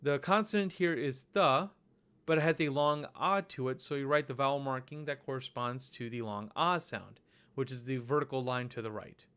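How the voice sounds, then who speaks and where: A man narrating a recorded lesson over slides, explaining each step slowly and patiently. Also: mid-range voice, fairly bright tone, clean tone. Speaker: language teacher.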